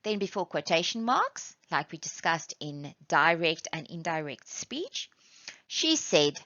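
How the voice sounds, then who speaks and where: A woman teacher from South Africa giving a lesson, patiently explaining step by step and reading examples aloud slowly. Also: deep voice, sing-song, a bit bright, dry recording. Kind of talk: classroom lesson. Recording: dull, lo-fi sound.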